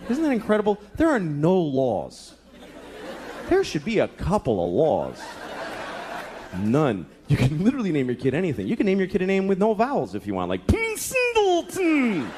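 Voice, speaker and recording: A man in his 30s does a stand-up comedy set in a fairly high voice that swoops wildly in pitch at normal speed. Profane and exasperated, he acts out voices, captured on a live stage mic with the club crowd's laughter and noise.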